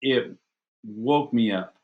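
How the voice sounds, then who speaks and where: A man, a health coach, chatting as a podcast guest and telling a personal story in a lively, animated way. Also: medium pitch, takes it slowly, narrow, tinny audio. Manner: chatty, animated storyteller, grows lively retelling a funny moment. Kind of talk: casual storytelling interview.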